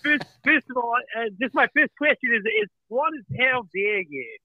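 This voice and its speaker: A man phoning into a podcast while putting on a hammy Australian bloke character, drawling slowly with jokey slang over a lo-fi call line. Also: very high voice, sing-song, breathy edge, heavily acted. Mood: joking. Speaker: call-in caller.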